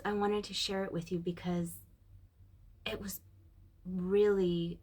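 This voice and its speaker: A woman sharing a personal reflection in a casual, heartfelt monologue, recorded on a phone. She speaks softly and often drops to a breathy near-whisper. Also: medium pitch, level tone, a little slow, pauses often. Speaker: vlogger.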